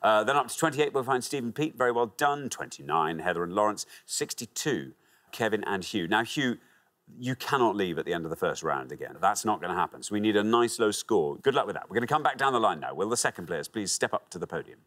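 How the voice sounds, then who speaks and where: A man's voice: lowish voice, expressive, quick pace, fairly bright tone. A man hosting a television quiz show, reading clues and bantering playfully with contestants in a studio.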